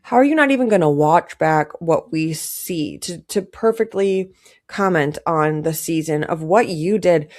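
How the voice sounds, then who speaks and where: A young woman with a low, darkish voice gives casual, indignant commentary to camera at a measured pace. She's a pop culture commentator who drives her points home by repeating them.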